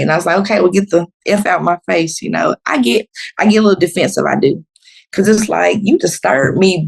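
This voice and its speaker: A woman in her thirties, a podcast guest, telling a story in a blunt, unfiltered way and acting out the quotes with big jumps in pitch. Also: creaky. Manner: animated, acts out quotes with sharp pitch jumps. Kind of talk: casual storytelling.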